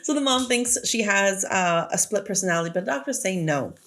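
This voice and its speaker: A woman's voice: medium pitch, animated, a little fast, fairly bright tone. A middle-aged woman co-hosting a podcast, retelling a film in casual chat, joking and laughing often. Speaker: podcast co-host.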